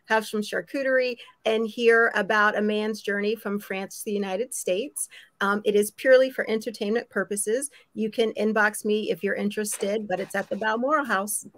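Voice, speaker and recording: A woman's voice: mid-range voice, fairly bright tone, no room sound. A woman co-hosting a casual talk show, chatty and upbeat. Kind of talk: casual chat.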